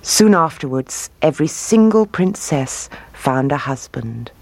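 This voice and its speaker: A woman reading a fairy tale aloud in an expressive, lilting storybook manner. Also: low voice, a little slow, creaky.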